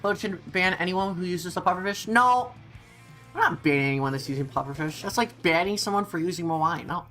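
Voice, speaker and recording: A woman's voice: on the low side, fast talker, hardly any pauses, a bit bright, soft background music. A young woman streaming a game, chatting casually with her viewers, giggling and eating as she talks. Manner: chatty, giggly, eats while talking. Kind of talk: casual livestream chat while gaming. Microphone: desk mic, no face cam.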